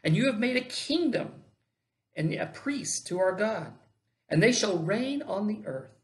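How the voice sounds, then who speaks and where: A pastor preaching a sermon, reading a long scripture passage aloud with dramatic pitch swings and slowed phrases. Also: lively intonation.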